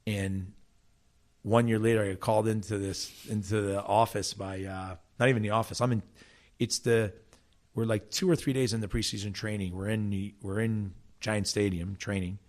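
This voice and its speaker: In a casual interview, a middle-aged guest from South Jersey, USA, a soccer coach and ex-player, tells stories with energy and many restarts. His voice is lowish and his speed normal.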